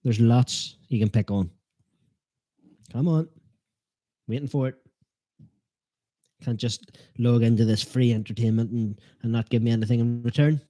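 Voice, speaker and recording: A man's voice: medium pitch, fairly even intonation, measured pace, long pauses, mellow, no room sound. A man hosting a live football watchalong stream, chatting in a joking, self-deprecating way and teasing his viewers. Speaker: fan channel host.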